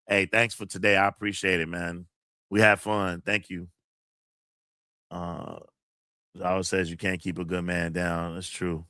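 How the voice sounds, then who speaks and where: A man's voice: low-pitched, level tone, a little slow, pauses often, bright, forceful tone, clear, resonant tone, no room sound, studio quality. A man hosting a livestream, reading chat comments and venting emphatically, with plenty of profanity. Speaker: college teacher and livestream host.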